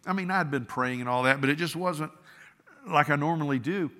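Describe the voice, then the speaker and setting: A man's voice: on the high side, brisk, bright, forceful tone, big-room sound. A man preaching a sermon as pastor, earnest and conversational, often restarting his words.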